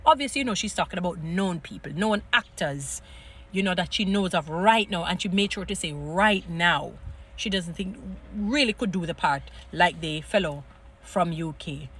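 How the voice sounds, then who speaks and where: A woman's voice: fairly low pitch, animated, normal speed, fairly bright tone, husky. A Jamaican woman giving an emphatic, rambling casual monologue to her viewers. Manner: rambling, emphatic, heaps praise, restarts and fillers. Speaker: vlogger.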